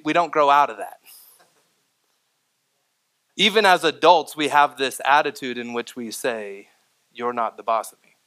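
A man preaching to his church as pastor, a lively sermon with rising emphasis and asides to the congregation. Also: on the high side, clear, resonant tone. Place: church sanctuary.

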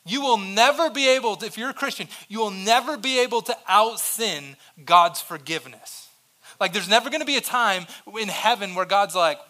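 A man preaching a sermon as pastor, energetic and conversational, swinging between loud emphatic lines and quiet asides, joking with the congregation. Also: high-pitched, normal speed.

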